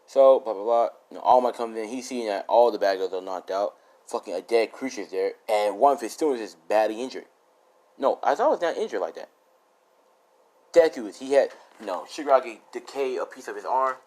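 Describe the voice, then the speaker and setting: A man's voice: mid-range voice, a little fast, a little mellow. A young man casually retelling a fan story in a rambling, profane way full of fillers.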